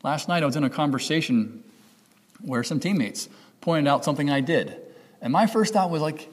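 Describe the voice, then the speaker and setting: A man's voice: on the high side, expressive, normal speed, big-room sound. A man preaching a sermon as pastor, talking in a conversational way, correcting himself and acting out the voices in people's heads. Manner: conversational, self-correcting, acts out quoted inner voices.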